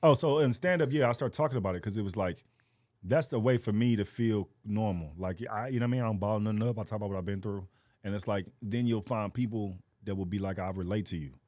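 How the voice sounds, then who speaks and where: A man's voice: fairly low pitch, fast talker, dry recording. A man, a comedian guest, telling stories in slangy casual chat and acting out the voices of the people he quotes. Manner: animated storyteller, slangy, acts out quoted voices.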